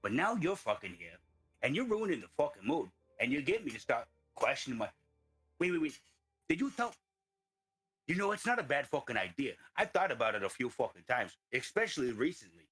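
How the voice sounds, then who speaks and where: A man's voice: medium pitch, big pitch swings, fairly quick, fairly bright tone, slightly rough, faint music behind. A man playing a foul-mouthed, belligerent brawler who rants and taunts nonstop in a tabletop game. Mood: ranting menace. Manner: swearing constantly, taunting, ranting.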